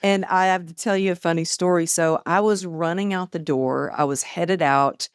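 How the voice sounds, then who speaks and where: A woman's voice: lowish voice, steady tone, moderate pace, clean tone, dry recording, studio quality. A middle-aged woman, a podcast guest and author, telling stories animatedly and acting out quoted dialogue. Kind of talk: casual storytelling interview.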